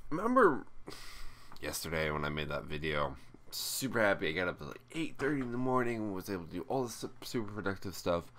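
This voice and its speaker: A man's voice: sits low, a bit bright. A tired young man talking casually to his viewers, rambling and self-mocking with sighs and groans. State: tired and drowsy. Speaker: YouTuber. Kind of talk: casual vlog talk to camera.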